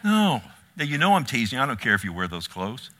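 A man's voice: mid-range voice, very animated, racing, noisy background. A man preaching a sermon in a church, reading scripture, calling for amens and breaking into joking asides. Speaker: pastor.

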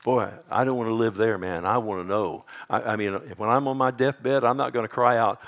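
A man's voice: medium pitch, fairly even intonation, a little fast, few pauses. Emphatic male preacher. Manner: emphatic preaching, big swings from loud to hushed; addresses listeners as "loved one", asks "amen?". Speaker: pastor. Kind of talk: sermon.

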